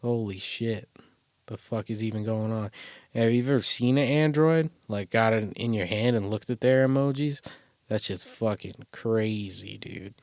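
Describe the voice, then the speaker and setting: Dude rambling into a mic in a closet, kinda low voice, swears nonstop, mocks himself. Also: male voice, a little slow, a little mellow, no echo. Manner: rambling, crude, self-deprecating, lots of swearing. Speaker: podcast host. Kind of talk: casual solo podcast monologue. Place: small closet.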